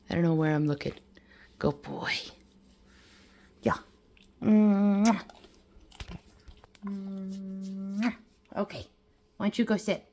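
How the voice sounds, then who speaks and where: A woman's voice: mid-range voice, lively intonation, slow, long pauses, mellow, low-quality recording. A woman chatting casually in a rambling, chatty way while cooking in her home kitchen for her vlog. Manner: rambling, chatty, fond of swearing. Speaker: vlogger host.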